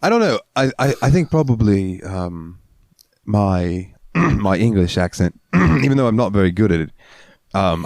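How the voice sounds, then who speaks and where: A man's voice: on the low side, sing-song, unhurried, gravelly, a little mellow, no echo, studio quality. A man co-hosting a podcast in casual crude chat, joking and laughing often. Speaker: podcast co-host.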